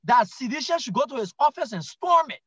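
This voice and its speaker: A man's voice: extremely high pitch, sing-song, brisk, breathy edge, dry recording, highs cut off. A man with a Liberian English accent, a guest commentator on a political talk show, arguing his point emphatically, repeating himself and restarting lines. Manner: emphatic, repetitive argument with stammered restarts.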